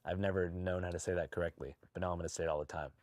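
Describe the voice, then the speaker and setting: A male interviewer asks direct, probing questions. His voice is very deep and he talks briskly, with a dry, close sound. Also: fairly even intonation, a little mellow, no room sound.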